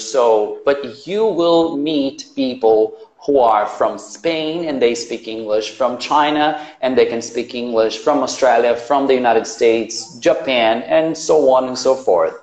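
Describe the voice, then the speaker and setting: A man who teaches English, talking in a casual interview, chatty and animated, often saying "you know". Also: medium pitch, unhurried, hardly any pauses, reverberant.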